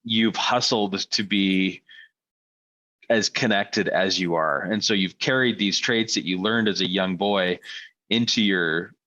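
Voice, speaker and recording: A male podcast host with a low voice and a bright, forceful edge. He asks his questions in a relaxed, encouraging way. The audio sounds dull and lo-fi. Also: unhurried. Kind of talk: casual interview.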